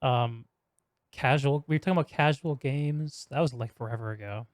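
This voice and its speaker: A man hosting a podcast in casual chat, a relaxed and encouraging listener. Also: medium pitch, normal speed, no echo. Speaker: podcast host.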